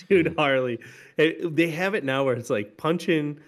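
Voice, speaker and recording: A man's voice: on the high side, measured pace. A man co-hosting a podcast in casual chat, joking and acting out both sides of phone calls. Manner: joking, acts out phone exchanges. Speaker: podcast co-host.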